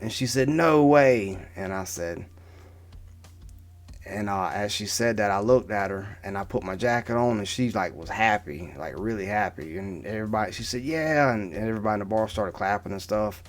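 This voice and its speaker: A vlogger in his thirties talks casually to camera, rambling through a personal story. His voice is on the low side and fairly quick, and he keeps restarting, adding asides, and tossing in "right?" over and over.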